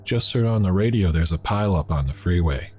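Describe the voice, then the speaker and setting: A man's voice: low voice, animated, fairly quick, darkish tone. A man voicing a chatty, friendly female diner waitress who calls customers sweetie.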